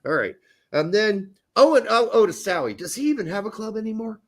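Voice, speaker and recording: Podcast co-host: high, animated man who rambles, jokes and swears. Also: a little fast. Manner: rambling, profane, joking. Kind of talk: casual soccer podcast chat.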